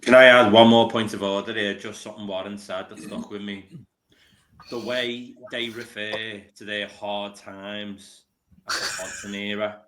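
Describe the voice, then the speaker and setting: A man's voice: on the low side, level tone, a little slow, fairly bright tone, slight background noise. A man making scornful, emphatic points in casual chat as a podcast panelist.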